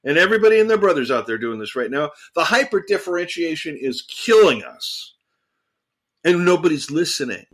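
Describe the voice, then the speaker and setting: A man co-hosting a casual theological discussion, talking in an animated, emphatic way and repeating phrases for emphasis. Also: a little high, a little fast. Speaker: podcast co-host.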